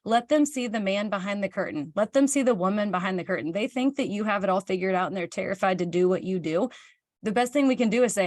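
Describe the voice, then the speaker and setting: A chatty woman from Kansas gives a candid motivational talk to her team. She answers viewer comments as she goes and acts out dialogue in quotes. Her voice sits at a middle pitch and is recorded close and dry. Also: expressive, quick pace, no echo. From Kansas, United States. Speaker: team leader hosting a live session.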